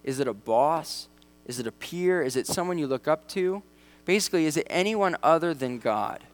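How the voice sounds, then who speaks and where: A man's voice: a little high, animated, normal speed. Conversational man preaching a sermon. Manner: conversational, acts out quoted voices. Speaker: pastor.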